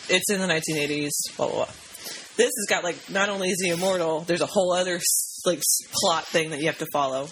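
A woman's voice: on the low side, quick pace, a little hiss or hum, rough recording. A young woman co-hosting a podcast, casually recapping a movie in a rambling, enthusiastic way full of fillers. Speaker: podcast co-host.

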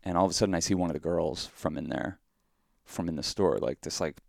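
A man's voice: low-pitched, quick pace, gravelly, darkish tone, no room sound, studio quality. A man, a podcast co-host telling a rambling, profane story full of "like" and mock-outraged quotes. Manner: rambling, heavy use of "like". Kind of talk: casual storytelling.

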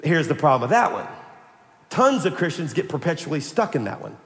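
A man pastor delivering an energetic, animated sermon to his congregation, calling for amens. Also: on the high side, brisk, gravelly. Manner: energetic, animated preaching with call-and-response. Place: church sanctuary. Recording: echoey church hall.

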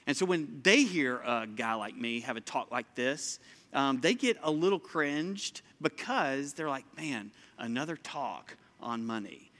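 Bright-voiced male pastor in a reverberant hall. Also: a little high, unhurried. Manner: lively, conversational, speaks directly to the congregation. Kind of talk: sermon. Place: church sanctuary, on a stage.

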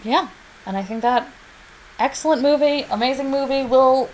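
A woman's voice: sits high, moderate pace, a little mellow, a little hiss or hum, poor audio. A woman co-hosting a casual film review, chatting in an offhand way with joking asides. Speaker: podcast co-host.

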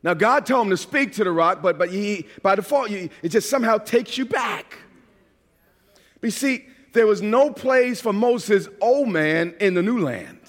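A man from New York preaching a sermon as a pastor, animated and at times shouting. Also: sits high, normal speed, in a large hall.

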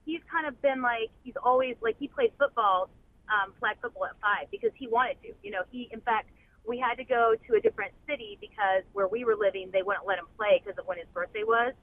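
A woman's voice: fairly high pitch, fairly quick. A woman in her thirties, a mother calling in to a radio show, talking in a rambling, hesitant way with many fillers. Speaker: caller, mother. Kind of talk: phone-in conversation. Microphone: telephone. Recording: phone line with faint noise.

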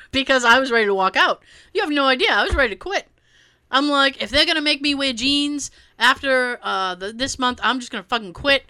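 A woman in her thirties hosting a casual chat, animated and profane, laughing often. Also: high voice, a little fast, smooth. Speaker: podcast host.

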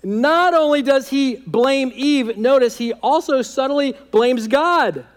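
A man's voice: very high voice, slow pace. A man preaching a sermon as pastor, conversational and humorous, often checking in with "right?".

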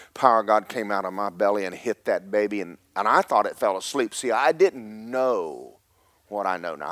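A man's voice: fairly low pitch, no room sound. Fiery preacher man. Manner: fiery, builds to shouting emphasis. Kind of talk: Pentecostal sermon with storytelling. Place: church.

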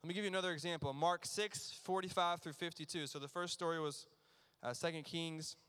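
A man preaching a sermon as pastor, earnest and emphatic, sometimes dropping to a near hush. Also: on the high side, fairly even intonation, a little fast, clean tone. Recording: long reverb of a large hall.

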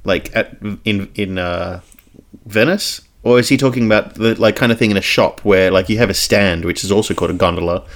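A man's voice: on the low side, brisk. A man with an Australian accent co-hosting a podcast in casual, rambling, jokey banter. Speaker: podcast co-host.

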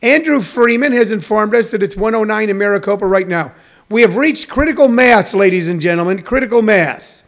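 A man's voice: sits high, a little fast, fairly bright tone. A man hosting a casual livestream show, rambling in a chatty way to his viewers with many restarts and fillers. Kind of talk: casual chat to live viewers. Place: home in a hot desert region.

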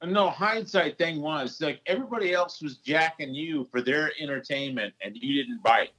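A man's voice: fairly high pitch, normal speed, pushed and bright, poor audio. A man chiming in during casual chat with teasing, joking remarks.

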